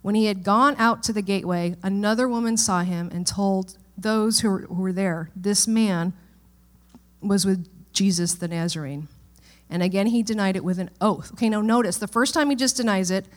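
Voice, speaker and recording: A woman's voice: medium pitch, normal speed. A woman pastor giving a casual, conversational sermon and Bible study, often checking in with listeners. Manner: chatty, informal, frequent "okay?" checks with listeners.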